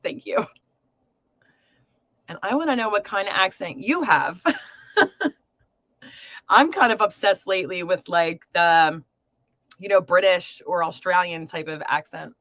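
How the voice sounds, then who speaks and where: A woman's voice: fairly low pitch, unhurried, pauses often, dry recording. A woman hosting a live tarot reading stream, talking casually to viewers with lots of fillers and pet names. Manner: chatty, warm to viewers, filler-heavy.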